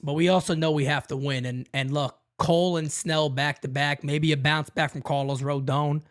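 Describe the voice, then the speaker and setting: A man hosting a casual fan show and answering callers in an animated, slangy way that repeats itself. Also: on the high side, moderate pace. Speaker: host taking fan calls.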